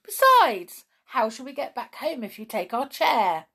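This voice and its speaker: A woman's voice: mid-range voice, lively intonation, normal speed. Earnest storybook boy, read by a woman, plain and direct. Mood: indignant. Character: indignant young boy.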